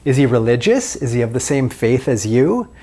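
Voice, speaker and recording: A male coach talking straight to his viewers, asking one prompting question after another. His pitch rises and falls a lot as he leads them step by step through a self-help exercise. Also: sing-song, normal speed, mellow. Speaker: dating coach. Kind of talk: self-help video instruction.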